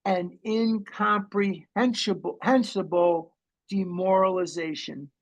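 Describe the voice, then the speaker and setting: An older man leading a recovery study group, talking with intense, emphatic repetition. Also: sits high. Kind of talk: recovery meeting talk.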